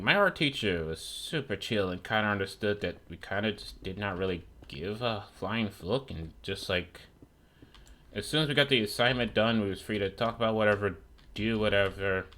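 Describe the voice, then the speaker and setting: Young man, gaming streamer, lowish voice, bright forceful tone, rambling, swearing, keyboard clicks. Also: moderate pace. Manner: rambling, profane, sarcastic. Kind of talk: casual chat while gaming.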